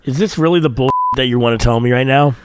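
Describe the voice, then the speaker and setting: A man's voice: medium pitch, fast talker, heavy background noise. A man co-hosting a casual podcast, sarcastic and combative, needling his partner. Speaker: podcast co-host. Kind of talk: casual bickering podcast banter.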